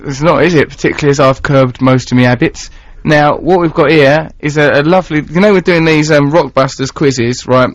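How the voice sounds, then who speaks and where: An English radio host with an Essex accent leads a casual chat show, playful and theatrical, now and then slipping into put-on voices. His voice is on the high side, brisk, with few pauses and no echo. Recorded on a studio mic, the broadcast sounds dry, dull and lo-fi.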